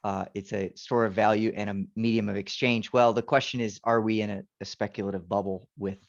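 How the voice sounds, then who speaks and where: A man's voice: lowish voice, level tone, fairly quick, vocal fry. A man teaching a class over a video call, talking loosely through his slides and often restarting his sentences. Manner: rambling, self-correcting, frequent restarts. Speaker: teacher giving a presentation. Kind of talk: informal talk with slides. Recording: dull lo-fi video call audio.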